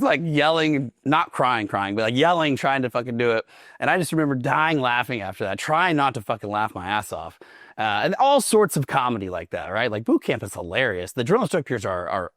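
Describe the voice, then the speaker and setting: A man's voice: mid-range voice, fairly bright tone, no echo, clean studio sound. A man from Oklahoma telling stories casually as a guest, swearing often and laughing as he goes. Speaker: guest veteran. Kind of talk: casual storytelling.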